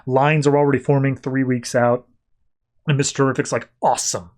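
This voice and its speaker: A man's voice: mid-range voice, level tone, a little fast, a little mellow. A man hosting a podcast, recapping and reviewing comics in a loose, rambling way, often quoting characters offhandedly. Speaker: podcast host.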